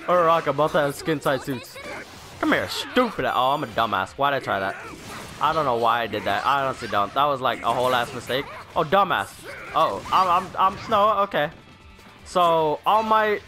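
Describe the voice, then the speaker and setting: A young man giving casual gameplay commentary, trash-talking his opponents with a laugh and frequent swearing. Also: a little high. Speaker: gaming YouTuber. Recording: faint game music behind.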